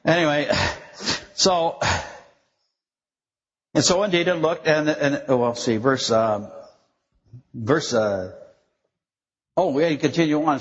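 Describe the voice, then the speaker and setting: A man's voice: a little high, measured pace, long pauses, breathy edge. Older man preaching in an echoing hall. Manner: chatty, acts out voices in stories, laughs often. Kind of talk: informal sermon. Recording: dull recording with long hall reverb.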